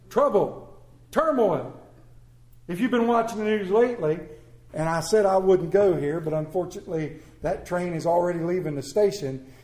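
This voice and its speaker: A man preaching a sermon to a congregation, swinging between loud emphatic phrases and hushed low lines, repeating phrases to build his point. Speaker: pastor. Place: church sanctuary with congregation. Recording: echoey church room.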